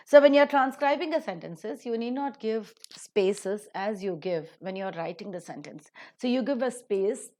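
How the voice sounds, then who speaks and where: A woman teaching pronunciation in a recorded lecture, slowing down to stress example sentences. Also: mid-range voice, a little mellow.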